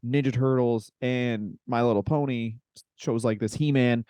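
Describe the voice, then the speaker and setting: A man's voice: mid-range voice, steady tone, measured pace, dark tone, clean tone, dry recording. Wry, laughing podcast co-host man. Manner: laughing, wry storytelling with swearing. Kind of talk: casual comedic podcast chat.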